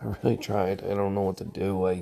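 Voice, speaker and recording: A woman leaving a comedic tearful voice message, hoarse and gravelly, stammering through a halting confession. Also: extremely low pitch, flat delivery, mellow. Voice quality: gravelly, raspy. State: hoarse, voice nearly gone.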